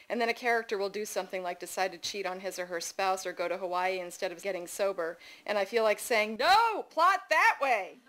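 A woman in her thirties reads her memoir aloud at a literary festival. Her delivery is wry and lively, and her voice sits at an everyday middle pitch. She sounds amused by her own stories. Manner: wry, animated, playfully voices her child's shouts. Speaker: author reading from her memoir. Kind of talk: live literary reading.

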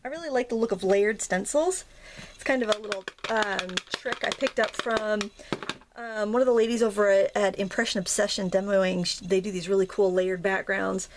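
A woman hosts a craft tutorial, chatting casually as she works and rambling with fillers and self-corrections. She's slightly out of breath from pressing stamps, and her medium-pitched voice keeps a steady tone at normal speed over background noise.

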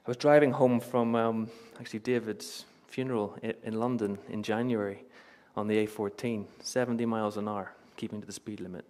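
A man's voice: on the low side, steady tone, a little fast, hardly any pauses, darkish tone. A young man preaching a sermon in a church, telling personal stories with earnest, emphatic repetition and light chuckles. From Northern Ireland.

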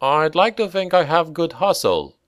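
A man's voice: a little high, big pitch swings, normal speed, dry recording, clean studio sound, voice pushed up. A man reading the part of an eager young man on guard duty, pleading and rising with worry as he asks after his brother. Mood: anxious.

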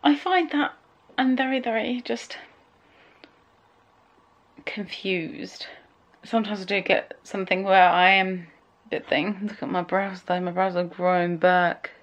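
Woman vlogging from home, rambly and emotional, mid-pitched voice. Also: steady tone, unhurried, long pauses. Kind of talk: casual vlog chat.

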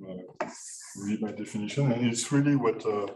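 A man giving a math seminar lecture, halting with many fillers and restarts. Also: lowish voice. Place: lecture room. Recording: echoey lecture hall, mic far off, noisy.

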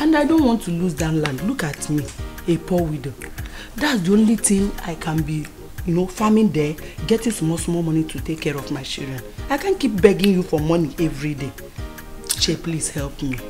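A woman plays a poor widow with a Nigerian accent who coaxes and pleads for help. Her voice sits fairly low, with film music underneath. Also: a little mellow, natural voice. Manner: pleading, coaxing. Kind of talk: film drama acting. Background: film score music.

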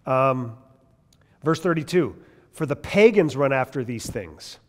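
Lively male Bible teacher in a reverberant hall. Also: medium pitch, a little slow. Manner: lively, conversational teaching with rhetorical questions. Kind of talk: classroom Bible lesson. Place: large classroom or hall.

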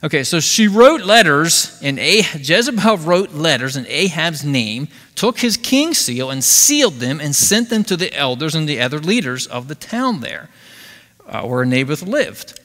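A man leads a Bible study, and his voice is bright and forward. He tells the stories in a chatty, animated way. The sound rings with the long reverb of a large hall. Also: fairly high pitch, a little slow. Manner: conversational, animated retelling of scripture. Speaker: Bible teacher. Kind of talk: casual Bible study teaching. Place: church assembly hall.

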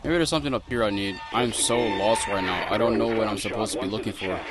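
A man's voice: fairly low pitch, quick pace. A young man commenting as he plays a horror game, thinking aloud, talking to his viewers and yelping when startled. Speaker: gaming channel host. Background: game music.

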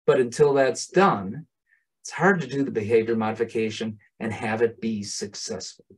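Male presenter, husky voice, mid-range pitch, plain-spoken conversational lecturer. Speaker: presenter, animal behavior consultant. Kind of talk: lecture to professionals.

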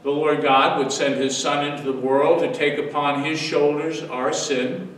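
A man's voice: fairly high pitch, slight background noise. A man in his seventies, a pastor giving a daily devotional sermon, telling the story earnestly and repeating phrases for weight. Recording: echoey room, distant mic.

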